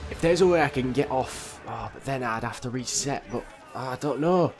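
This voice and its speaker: A man's voice: medium pitch, moderate pace. A young man giving gameplay commentary, muttering to himself and repeating his frustrations as he plays. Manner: exasperated, talking to himself, repetitive. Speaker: gamer. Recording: voice over game audio with loud music. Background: loud game music and cannon fire.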